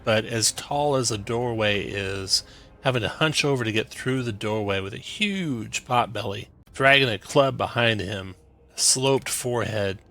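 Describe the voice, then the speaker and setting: A man runs a tabletop game as its game master, his low voice grainy with fry yet bright and forceful on top. He calls each player's turn in an easygoing way, with plenty of fillers. It sounds like a headset on a voice call. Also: unhurried. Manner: easygoing, directs turns with fillers.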